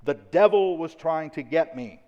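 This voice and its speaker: A man preaching a sermon as pastor, emphatic and repetitive, slowing down to stress key words. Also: fairly high pitch, expressive, mellow, highs cut off. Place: church auditorium. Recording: church hall with long reverb.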